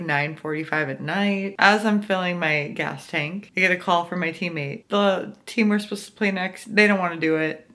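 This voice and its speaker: Book vlogger, woman, low-pitched and excitable, gushes and squeals over her reading. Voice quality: excitable, gushing, quick to squeal. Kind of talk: casual reading vlog chat.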